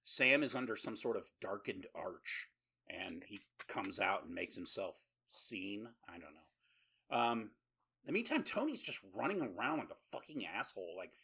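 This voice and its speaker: Husky, animated man rambling in casual chat. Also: lowish voice, measured pace. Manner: rambling, profane and laughing. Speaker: podcast co-host. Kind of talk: casual chat recapping a horror movie.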